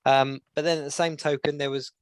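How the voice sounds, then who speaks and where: A man's voice: a little high, flat delivery, fairly quick, clean tone, no echo. Chatty man, dry sound. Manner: chatty, with many "um"s and recaps. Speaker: podcast co-host. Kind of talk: casual chat.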